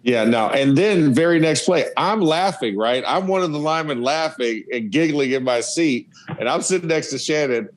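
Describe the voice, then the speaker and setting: A man's voice: on the high side, moderate pace, hardly any pauses, a little hiss or hum, poor audio. A man in his forties, a former college offensive lineman, telling stories casually and acting out scenes as he laughs. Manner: animated, laughing, acts out scenes. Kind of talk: casual podcast storytelling.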